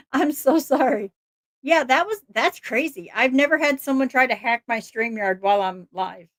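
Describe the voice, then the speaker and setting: A woman hosts a casual live stream in a high, bright-pitched voice. She rambles excitably and laughs often, and her voice sounds dry and close with no room echo. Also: measured pace. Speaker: livestream host.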